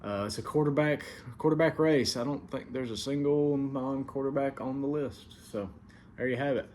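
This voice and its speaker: A man with a country American Southern accent and a mid-range, darkish voice speaks at a moderate pace against slight background noise. As league commissioner, he hosts a casual weekly recap show, laid-back and full of fillers, though he turns stern when it comes to the rules.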